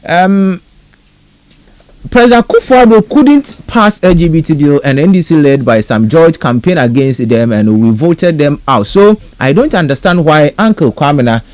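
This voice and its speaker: A male radio host with a Ghanaian accent reads listener texts aloud at a brisk clip, his pitch swinging widely from phrase to phrase. The sound is close and dry, straight off a studio mic with no room around it. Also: no echo. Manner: brisk, lively read-out with a rising greeting tone. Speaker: radio talk show host. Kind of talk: reading listener messages on live radio.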